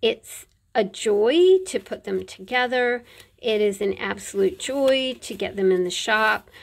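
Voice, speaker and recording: A middle-aged woman chats her way through a show-and-tell of handmade journals. Her voice has a gravelly edge, and she talks slowly and unhurriedly, wandering off with fillers. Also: mid-range voice, expressive. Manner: chatty, warm, rambling with fillers. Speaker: crafter showing handmade journals. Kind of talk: casual show-and-tell vlog.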